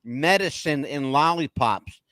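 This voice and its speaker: A man's voice: fairly high pitch, expressive, unhurried, bright, forceful tone, dry recording, studio quality. A man co-hosting a podcast in casual chat, joking and emphatic, insisting he is not making things up. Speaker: podcast co-host.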